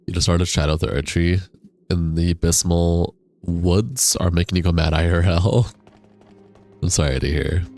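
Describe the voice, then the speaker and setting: With a deep, darkish voice, this male streamer talks into a desk USB mic while playing a game. He reads the chat out loud, keeps things casual, and now and then laughs or swears.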